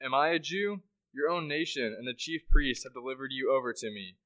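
An actor playing a wary, authoritative Roman governor in a dramatized scripture reading, questioning and commanding. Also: male voice, medium pitch, a little fast, sharp tone, close to an everyday voice.

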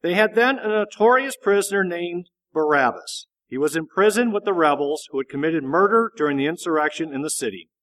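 Man reading scripture, slightly high voice. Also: animated, fairly quick, few pauses, a bit bright. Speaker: scripture reader.

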